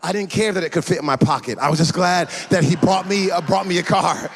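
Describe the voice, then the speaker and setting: Male pastor, gravelly and fairly high, animated sermon storytelling with many restarts. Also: brisk, slight background noise.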